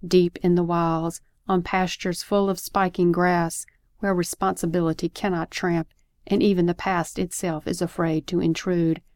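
A woman's voice: on the low side, level tone, moderate pace, a little mellow, dry recording, clean studio sound, natural voice. A woman voicing a regal, composed mother who speaks in formal, ornate phrases. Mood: stately. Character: regal velvet-voiced mother, composed and grand.

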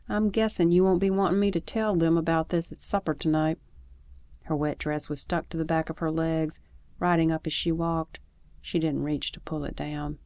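A woman with a notably low voice narrates a first-person story at a calm, measured pace. Her reading is steady, and the close recording is dry, with no room sound around her. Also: no room sound. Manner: calm, measured storytelling with lively acted dialogue. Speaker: audiobook narrator.

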